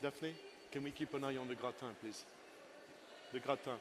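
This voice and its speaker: A man's voice: medium pitch, fairly even intonation, moderate pace, noisy background. A man in his sixties, a chef giving a live cooking masterclass on a festival stage, chatty and playful with his helpers and the crowd.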